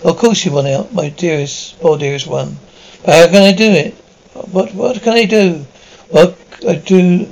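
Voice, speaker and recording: A man's voice: high voice, unhurried, creaky, a little mellow, rough recording. Obsessive doting mother, pleading; a man reads it. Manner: pleading, cloying.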